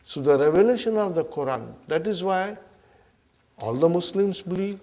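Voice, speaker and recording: A man's voice: high voice, lively intonation, moderate pace, warm tone. A man teaching Arabic grammar in a classroom lesson. He reads Arabic lines aloud, explains them in English and keeps checking in with "huh?" and "are you with me?".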